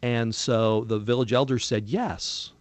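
A man's voice: mid-range voice, steady tone, unhurried, dry recording. A man from America, a missionary guest telling testimony stories in a radio studio, earnest and quoting dialogue plainly. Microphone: studio microphone.

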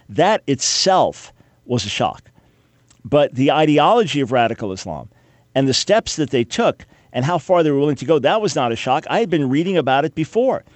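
A man's voice: medium pitch, dry recording. A man hosting a talk radio show, delivering an emphatic, opinionated monologue with sarcastic rhetorical quizzes for his listeners.

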